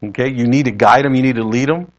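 A man's voice: medium pitch, fast, muffled recording. Man preaching a conversational sermon. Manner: conversational, rephrasing as he goes.

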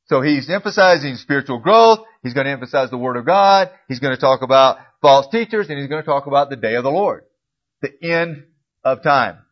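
A man teaching a casual Bible class in a church classroom. He clears his throat often and corrects himself as he goes. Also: mid-range voice. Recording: dull lo-fi recording.

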